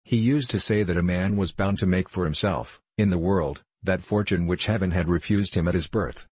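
A man reading an audiobook as a young male prisoner recounting his boyhood, in a measured, even storytelling manner. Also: low-pitched, breathy edge, dry recording. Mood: grave.

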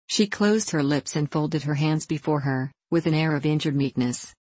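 Low-voiced woman narrating a classic novel. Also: moderate pace, hardly any pauses, a little mellow, no room sound. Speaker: audiobook narrator.

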